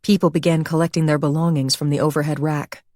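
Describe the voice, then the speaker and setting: A woman reading a thriller audiobook as narrator, in an even, measured storytelling manner. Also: low voice, no room sound, clean studio sound. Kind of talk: scripted narration.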